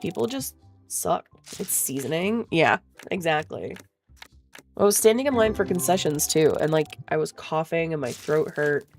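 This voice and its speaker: Gravelly-voiced woman telling a profane story. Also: low-pitched, expressive, moderate pace, soft background music. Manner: chatty, profane, laughs often. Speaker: vlogger. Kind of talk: casual storytelling chat.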